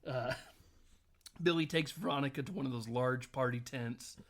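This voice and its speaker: A man's voice: medium pitch, normal speed, fairly bright tone, a little hiss or hum. A man hosting a casual podcast, recapping a film scene by scene and acting out the lines, often laughing. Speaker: podcast host.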